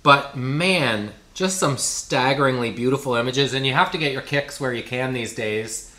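A man's voice: mid-range voice, normal speed, pushed and bright, echoey room. A man chatting casually with a co-host, upbeat and talkative. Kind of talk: casual chat.

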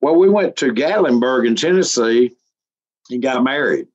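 A man's voice: medium pitch, lively intonation, moderate pace, darkish tone. Folksy man, chuckling storyteller. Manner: folksy, chuckling, gets emotional. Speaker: interviewee. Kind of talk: casual storytelling. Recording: slightly muffled recording.

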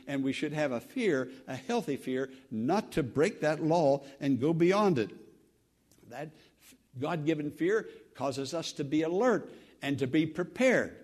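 Lively-voiced preaching man, earnest. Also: a little high. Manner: earnest preaching with long pauses and repeated words; drops to a hushed voice for prayerful words. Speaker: pastor. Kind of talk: sermon. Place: church sanctuary.

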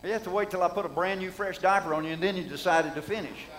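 A man's voice: sits high, fast talker, a bit bright, low-quality recording. A middle-aged man preaching a sermon in a folksy, conversational way, asking the congregation rhetorical questions.

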